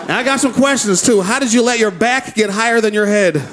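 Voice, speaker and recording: A man doing stand-up comedy, telling stories in a lively, profane way on a club stage with a handheld mic. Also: high voice, a little fast, background noise. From United States. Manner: animated, profane storytelling. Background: audience laughter.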